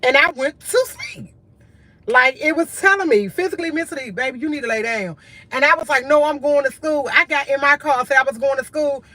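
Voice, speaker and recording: A woman's voice: high voice, fairly quick, pushed and bright, dry recording. A tired woman, talking candidly and earnestly to her livestream viewers in short, repeated phrases. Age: adult with a school-age son, in college. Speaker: livestream host.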